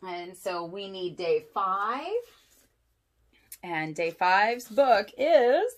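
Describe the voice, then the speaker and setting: A woman's voice: medium pitch, drawn-out words. A woman pastor reading a picture book aloud to children, with friendly asides and questions. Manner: animated storytelling, asides to kids.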